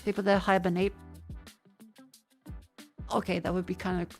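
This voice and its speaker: A woman's voice: fairly low pitch, flat delivery, moderate pace, soft background music. Profane, rambling woman streamer. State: stuffy from a sinus infection. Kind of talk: casual gaming stream chat. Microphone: desk microphone.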